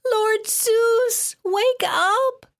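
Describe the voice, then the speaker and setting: A woman's voice: very high-pitched, extremely slow, pitched above the performer's own voice, exaggerated voice. A woman voicing a panicked young woman who shrieks shrilly for help.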